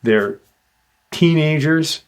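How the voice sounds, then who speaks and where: A man's voice: fairly high pitch, very slow, clear, resonant tone. A man hosting a paranormal channel, casually retelling a witness's encounter with loose fillers.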